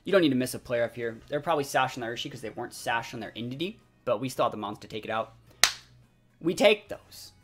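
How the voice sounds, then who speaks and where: Excitable young man commentating a game. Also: mid-range voice, quick pace, breathy edge. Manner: chatty, excitable, lots of fillers. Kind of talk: live gameplay commentary. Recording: faint background music.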